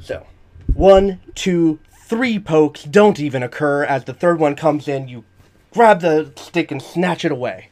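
A man narrating a tabletop role-playing game as game master, playful and animated. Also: a little high, unhurried.

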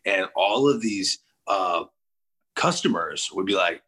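A man in his forties from St. Louis, a sports TV host telling lively stories in a casual interview and acting out the people he quotes. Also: low-pitched, takes it slowly, slightly rough. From St. Louis, USA. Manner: lively storyteller who acts out quoted people.

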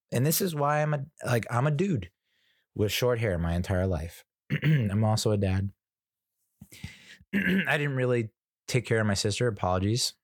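A man's voice: on the low side, no echo, clean studio sound. A middle-aged man telling a rambling, exasperated story in casual monologue, swearing freely and acting out what others said. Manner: rambling, exasperated, profane, acts out other people's lines. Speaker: podcast host.

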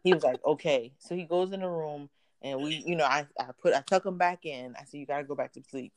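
Laughing as she goes, a thirtysomething woman recounts a comic home episode in relaxed conversation, performing the quotes with lots of animation. Her low-pitched voice moves briskly, with no room sound at all.

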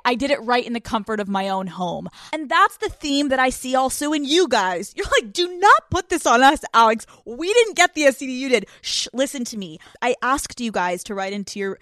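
Brash, high-voiced podcast host woman. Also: dry recording, studio quality. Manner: brash, profane, laughing a lot. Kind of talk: casual chat.

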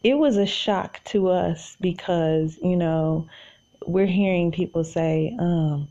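A podcast host from Tulsa with an Oklahoma accent chats casually with her listeners from bed, calling them y'all, in a solo monologue. Her voice is lowish, slow, and mellow, and the audio is dull.

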